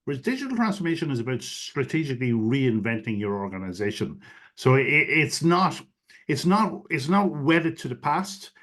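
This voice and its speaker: A man of middle pitch speaks as a guest expert over a video call. He explains in long, fluent runs, leaning on frequent "you know" fillers. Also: sing-song, normal speed, a bit bright. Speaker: guest expert on digital strategy. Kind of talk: webinar interview answers.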